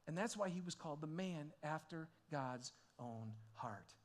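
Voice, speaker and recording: A man preaching a sermon, swinging between hushed, intimate questions and loud, excited exclamations, with frequent laughs and restarts. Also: a little high, unhurried. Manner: repeats himself and restarts, laughing often. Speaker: pastor.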